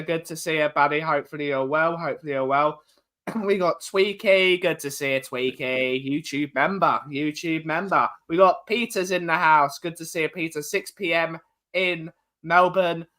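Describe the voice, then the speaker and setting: Man, young adult, football show host, reading viewer names, bright forceful voice. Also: on the high side. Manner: reads out viewer names with running banter. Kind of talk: casual football chat show.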